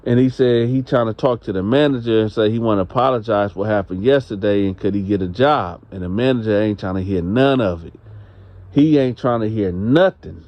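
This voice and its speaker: A man's voice: fairly low pitch, brisk, dull audio. A man telling a story in a casual, rambling, conversational way. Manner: rambling, conversational, unsure on details. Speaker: channel host.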